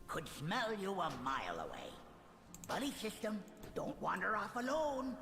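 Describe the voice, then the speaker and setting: Game mole dude, offhand, raspy-gravelly, bright, faint music under it. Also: male voice, high voice, huge pitch swings, measured pace, exaggerated voice. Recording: distant game audio over music.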